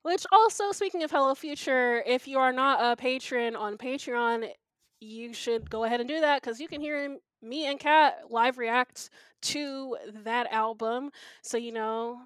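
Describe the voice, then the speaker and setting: Slow, smooth-voiced woman podcast host. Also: sits high, no room sound. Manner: relaxed, rambling updates with fillers. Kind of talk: casual chat.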